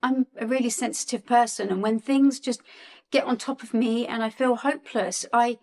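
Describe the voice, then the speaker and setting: A woman's voice: a little high, steady tone, normal speed, a little mellow. A woman in her forties giving a heartfelt spiritual talk to viewers, earnest and emotional, often repeating and restarting her phrases. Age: 40s. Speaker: guest on a spiritual channel.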